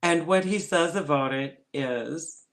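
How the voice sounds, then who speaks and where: A chatty woman from northern Minnesota co-hosts a relaxed podcast. She tells her stories with frequent laughter. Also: sits low, slow. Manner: chatty storyteller, laughs often. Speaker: podcast co-host. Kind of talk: casual podcast chat.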